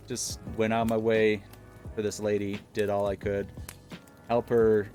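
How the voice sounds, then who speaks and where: A man casually telling viewers an exasperated story from his pharmacy job, acting out the dialogue as he goes. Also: fairly low pitch. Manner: exasperated, animated retelling with quoted dialogue.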